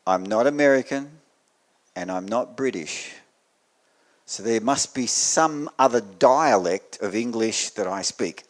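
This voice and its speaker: A man with an Australian accent giving a technical meetup talk to an audience, with dry joking asides and swings in loudness. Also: medium pitch. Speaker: conference speaker. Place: meetup venue before an audience.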